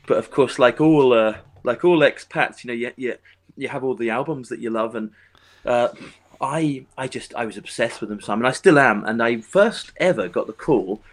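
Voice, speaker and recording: A man's voice: mid-range voice, moderate pace. A man who plays music, chatting as an interview guest, rambling with lots of restarts and fillers. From England. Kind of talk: casual interview chat.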